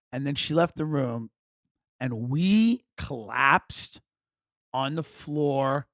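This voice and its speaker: Profane middle-aged comic storyteller, dry sound. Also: male voice, medium pitch, no echo. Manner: profane, animated, exaggerating. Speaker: comedian podcast host.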